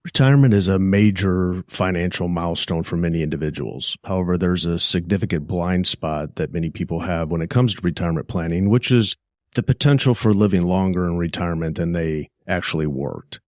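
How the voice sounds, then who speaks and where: A man hosting a finance podcast, delivering a measured, plainspoken scripted monologue. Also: low-pitched, a little mellow, no echo, clean studio sound. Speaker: podcast host, financial advisor.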